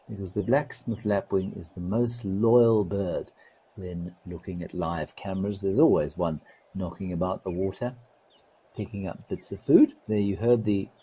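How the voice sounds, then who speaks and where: A man hosting a live wildlife stream, talking in a relaxed, gently wry way and greeting viewers. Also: sits low, husky, rough recording.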